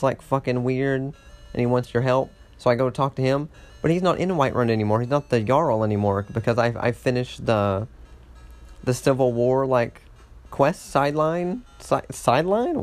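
A man narrates his gameplay in a loose, rambling way, cursing freely and chuckling when things go wrong. His voice sits at an ordinary middle pitch. Faint music plays quietly behind him. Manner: rambling, swears often, laughs at himself. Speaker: gamer. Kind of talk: casual let's-play commentary.

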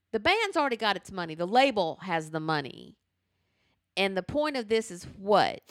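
A woman's voice: medium pitch, brisk, dry recording, clean studio sound. A woman co-hosting a podcast, ranting with profanity in casual chat. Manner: animated, profane ranting storyteller. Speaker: podcast co-host.

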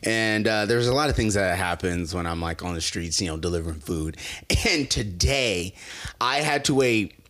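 A man's voice: low-pitched, normal speed. A man telling a story in casual chat with friends, laughing often and acting out the people in it. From Los Angeles area. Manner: animated, laughs often, acts out voices in stories.

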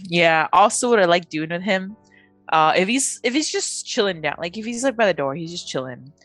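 A young woman talks casually in a slightly low voice. She rambles, stacks up fillers and giggles often. Soft music plays faintly behind her. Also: lively intonation, moderate pace, no echo. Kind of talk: casual chat.

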